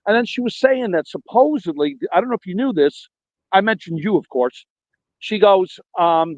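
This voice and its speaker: High-voiced New caller on a muffled phone. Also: male voice, normal speed, dry recording. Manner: rambling, animated retelling with quoted dialogue. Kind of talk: casual phone-in storytelling. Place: outdoors at a park.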